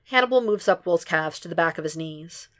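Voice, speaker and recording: A woman narrates a fan fiction story aloud at a steady, unhurried pace. Her voice sits a bit low for a woman. The delivery stays even from line to line. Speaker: podfic reader. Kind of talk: audiobook fan fiction reading.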